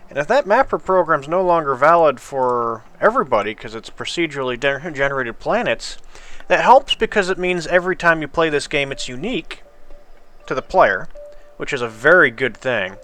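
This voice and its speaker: A man's voice: fairly high pitch, big pitch swings, normal speed, a bit bright. A sleepy man casually commenting on his gameplay, thinking aloud at a drifting pace. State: sleepy, yawning. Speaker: gameplay video host.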